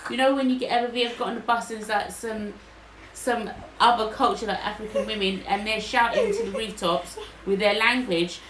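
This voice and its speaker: A woman co-hosting a podcast, telling a story in casual chat and acting out what other people said. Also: a little high. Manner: animated, acts out quotes. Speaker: podcast co-host. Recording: echoey room, faint noise.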